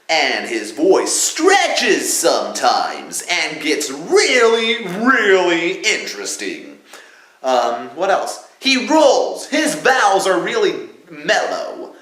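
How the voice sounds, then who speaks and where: Lively young man in an echoey room. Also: a little high, measured pace. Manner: animated, jokey, swings into put-on voices. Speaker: fan film director casting voice actors. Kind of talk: casual casting-call vlog. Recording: echoey room with music behind.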